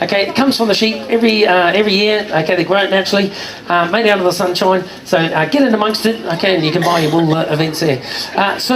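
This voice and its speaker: A man's voice: high voice, poor audio. A man presenting a sheep show outdoors, chatty and joking, talking straight to the crowd. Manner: joking, chatty, addresses audience directly. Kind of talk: lively crowd-pleasing showman patter. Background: loud dance music.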